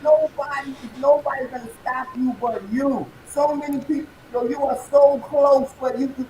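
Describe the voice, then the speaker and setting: A man delivers a motivational pep talk and climbs from calm to fiery in the manner of a preacher. His tone is mellow and warm, recorded in a roomy, echoing space with a faint hum of noise behind him. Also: very high-pitched, normal speed. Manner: builds from calm to fiery, preacher-like, rhetorical questions. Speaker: motivational speaker guest. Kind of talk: motivational speech.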